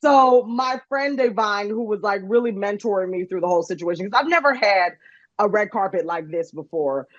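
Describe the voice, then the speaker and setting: A woman guest on a podcast, telling an animated story with lots of laughter and voices for the people she quotes. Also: medium pitch, normal speed, no room sound, lo-fi sound. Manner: lively, laughing, acts out quotes in shifting voices.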